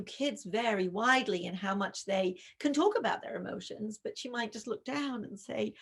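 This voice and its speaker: Calm woman with a gravelly edge. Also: on the high side. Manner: calm, measured, addresses listener as "you". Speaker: author and guest speaker. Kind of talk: talk walking through a parenting scenario. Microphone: video call.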